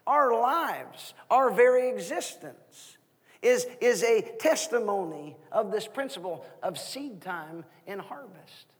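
A man in his thirties preaching a sermon as guest minister, asking the congregation questions in an animated way. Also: high-pitched, slow pace, slightly rough, big-room sound. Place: church sanctuary.

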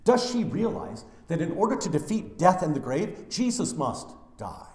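A man preaching a funeral sermon as pastor, swinging from loud declarations to hushed, near-whispered lines. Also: high voice, sing-song, normal speed, reverberant.

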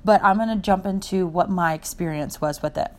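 A young woman talks through her podcast off the cuff, sincere and heartfelt, and drifts from one point to the next. Her voice sits a little low for a woman. She speaks in a loose, personal monologue with no notes. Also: fairly quick. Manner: rambling and heartfelt, jumps between points. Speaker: podcast host.

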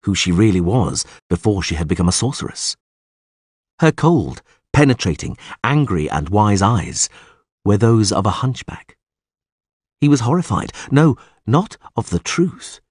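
A man reading a fantasy audiobook aloud with expressive, dramatic narration. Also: lowish voice, a little slow, slightly rough, dry recording, studio quality.

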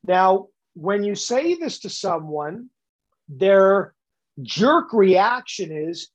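A man's voice: high-pitched, very animated, very slow, dull audio. A man as a podcast guest, explaining coaching ideas in an emphatic, lecture-like way and repeating words for stress. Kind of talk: explanatory interview talk.

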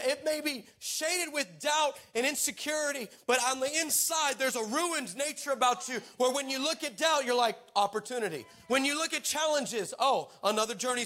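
Pastor, male, high bright voice, animated storyteller who breaks into shouts. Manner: animated, laughs through stories, rises to shouting exhortation. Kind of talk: sermon with storytelling. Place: church service.

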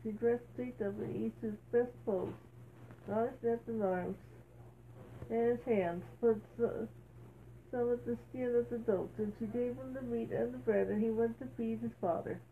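A woman reading a bible story aloud, halting and correcting herself as she goes. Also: fairly high pitch, steady tone. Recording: tinny phone-like sound, faint hiss.

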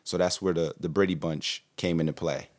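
A man in his thirties hosts a podcast in a low voice, casual and profane. When he makes a point he gets animated and pushes his voice up. The sound is dry and close. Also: a little fast, no room sound. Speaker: podcast host.

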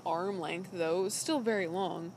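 A woman's voice: lowish voice, normal speed, darkish tone, slight background noise, rough recording. A woman co-hosting a podcast in casual chat, recapping a show as a chatty storyteller full of "like" fillers. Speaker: podcast co-host.

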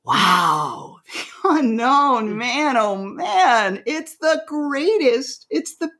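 A woman's voice: high-pitched, very animated, a bit bright, voice pushed up, exaggerated voice. A woman voicing a personified soul as a joyful, eager figure that gushes with wonder. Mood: gushing. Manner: gushing, enthusiastic, drawn-out.

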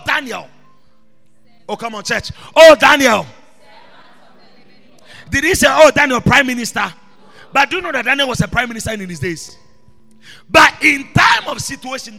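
Male preacher, gravelly, piercing tone, passionate sermon, quiet asides to shouted calls. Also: very high-pitched. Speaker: preacher, apostle. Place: church hall. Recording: reverberant church hall with music behind.

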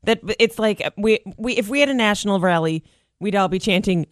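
A woman from Canada, a guest comedian telling jokes and stories in a lively radio interview. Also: mid-range voice, brisk, dry recording, studio quality. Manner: animated, joking storyteller.

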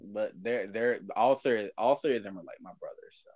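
A man's voice: fairly low pitch, moderate pace, darkish tone, no room sound. A young man co-hosting a podcast, answering in short, teasing replies in casual chat. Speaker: podcast co-host.

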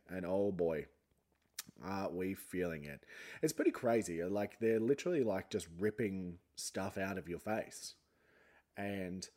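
A man's voice: fairly low pitch, darkish tone. A young man hosting a solo podcast, talking a little funny from a sore jaw after having his wisdom teeth out, in a rambling, chatty, self-mocking way. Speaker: podcast host. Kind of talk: casual solo podcast chat.

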